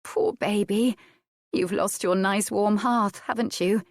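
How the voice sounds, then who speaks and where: A woman's voice: medium pitch, fairly even intonation, takes it slowly, dry recording, pitched above the performer's own voice. A woman reading the part of a proud, composed young noblewoman in an audiobook. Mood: sad. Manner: dry, composed.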